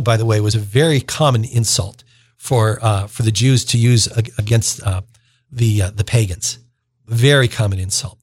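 A man's voice: mid-range voice, husky, no room sound. A man, a deacon, explaining the week's gospel on the radio in an informal, plain-spoken way.

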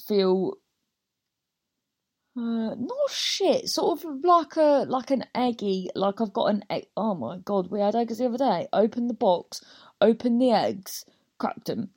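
A woman's voice: mid-range voice, a little mellow. A young woman, a stand-up comedian, telling stories in a scattered, self-interrupting way and swearing casually. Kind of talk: rambling casual monologue.

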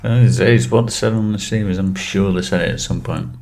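Guy with a lowish voice chatting on a podcast, rambly, crude jokes, laughs a lot. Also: steady tone, fairly quick, darkish tone. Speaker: podcast co-host. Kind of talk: casual chat.

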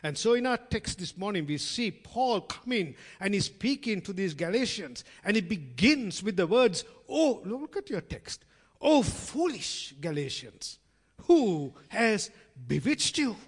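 A man delivers a sermon in a warm, conversational way, addressing his listeners as friends and slipping into the voices of the people in his stories. His voice sits a little high and moves up and down a lot. A long reverb trails behind every phrase, as in a large hall. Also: sing-song, normal speed, few pauses, breathy edge. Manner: acts out quoted voices in storytelling. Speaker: preacher. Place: church hall.

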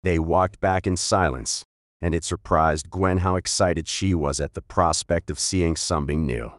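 Deep-voiced male audiobook narrator. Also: a little slow, no echo, studio quality.

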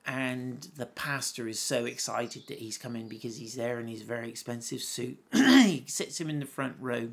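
A man's voice: mid-range voice, normal speed, vocal fry, few pauses. A man giving informal Bible teaching in a conversational, storytelling way, often breaking into laughs.

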